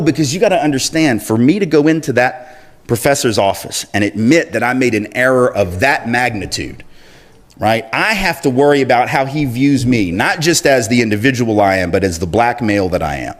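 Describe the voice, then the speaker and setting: A man's voice: mid-range voice, expressive, brisk. Man telling a self-deprecating story. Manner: acts out quoted voices with chuckles. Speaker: activist speaker. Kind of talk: public speech with a personal story.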